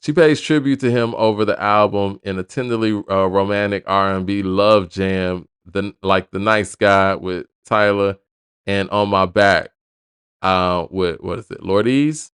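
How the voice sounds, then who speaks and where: A man's voice: fairly low pitch, measured pace, fairly bright tone, smooth, no echo, studio quality. A man hosting a hip hop news show, reading an album review aloud and breaking off into casual asides.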